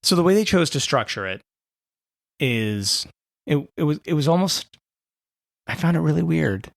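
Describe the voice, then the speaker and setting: Gravelly man co-hosting a podcast. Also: fairly high pitch, very animated, moderate pace, dry recording, clean studio sound. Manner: rambling, self-correcting, wry. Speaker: podcast co-host. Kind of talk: casual chat.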